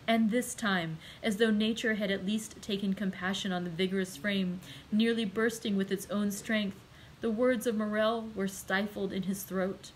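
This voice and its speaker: Female librarian narrating a classic novel aloud, measured delivery. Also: medium pitch, steady tone, a little hiss or hum, low-quality recording. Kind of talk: audiobook narration.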